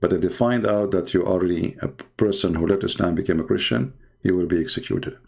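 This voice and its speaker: A man's voice: low-pitched, fairly quick, gravelly, darkish tone, breathy edge. A man hosting a live online debate stream, sarcastic and mocking, speaking English with non-native grammar. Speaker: livestream host.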